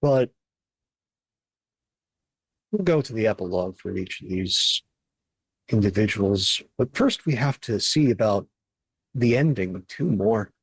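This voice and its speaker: A man running a tabletop horror game as game master, narrating in a slow, measured, grim way. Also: on the low side, lively intonation, husky, dry recording.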